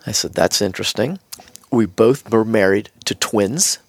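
Gravelly-voiced man telling a story. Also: fairly low pitch, measured pace, no room sound. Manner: animated storyteller acting out quoted dialogue. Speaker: podcast guest, business executive. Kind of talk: storytelling in casual interview.

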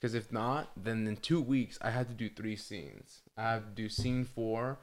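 A man's voice: lowish voice, a little slow. A young man with a groggy morning voice, chatting casually as a podcast co-host and rambling with lots of fillers, restarts and swearing. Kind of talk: casual chat.

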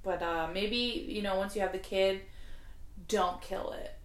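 A woman's voice: mid-range voice, fairly even intonation, measured pace. Chatty woman in an echoey room. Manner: chatty, heavy use of "like", swears freely. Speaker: podcast co-host. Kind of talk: casual chat, recounting a case. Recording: roomy echo.

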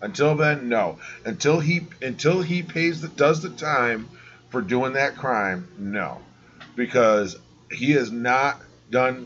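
A man's voice: mid-range voice, slow pace, fairly bright tone. A man co-hosting a casual podcast, ranting heatedly and swearing a lot. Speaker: podcast co-host. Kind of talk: casual chat. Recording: dull lo-fi audio.

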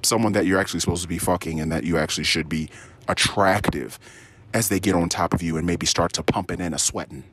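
Crude, ranting man with husky voice. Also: low-pitched, quick pace. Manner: animated, swings into mock-excited tones. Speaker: diary podcast host. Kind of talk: rambling spoken diary.

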